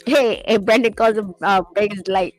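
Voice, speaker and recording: A woman in casual chat who talks fast and acts out quotes with animated voices. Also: mid-range voice, no echo, soft background music, rough recording. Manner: fast-talking, animated storyteller acting out quotes.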